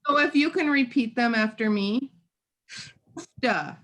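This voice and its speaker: A woman's voice: fairly high pitch, normal speed, a bit bright. Playful Minnesotan woman co-host. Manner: playful, laughing. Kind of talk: casual chat.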